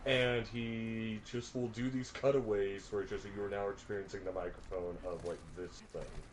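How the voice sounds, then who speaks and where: A man's voice: fairly low pitch, little pitch movement, moderate pace, slight background noise. A man chatting casually and jokingly while playing a co-op game, rambling with lots of fillers. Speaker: co-op gameplay streamer. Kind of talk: casual gaming chat.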